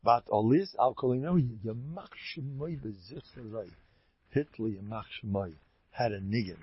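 A man's voice: mid-range voice, a little slow, breathy edge, no room sound. A man giving an informal, emphatic Torah talk as a teacher, often repeating phrases for stress. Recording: dull lo-fi dry recording.

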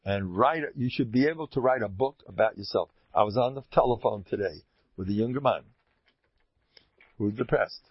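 A man's voice: on the low side, moderate pace, slightly rough, dry recording. A man giving an informal, emphatic Torah talk as a teacher, often repeating phrases for stress. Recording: dull lo-fi dry recording.

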